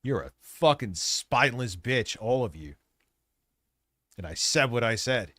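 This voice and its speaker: A man's voice: medium pitch, expressive, a little slow, pushed and bright, no room sound. Foul-mouthed male streamer ranting. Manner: crude, combative, swears constantly. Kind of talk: profane live-stream rant.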